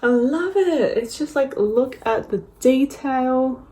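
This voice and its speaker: Young woman vlogger, gushing, gasping, high-ish voice, takes her time. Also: takes it slowly, background noise. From Australia. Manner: gushing, gasping, with breathy whispers of excitement. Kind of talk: casual unboxing vlog.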